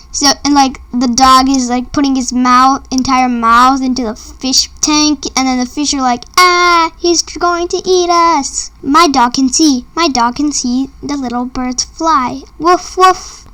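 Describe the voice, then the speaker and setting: A woman with a high voice reads a children's picture book aloud, line by line. She goes at a simple, halting pace, trips over a word now and then, and stops to add chatty asides about the story. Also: fairly bright tone. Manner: simple, halting read with small slips and asides. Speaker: read-aloud host.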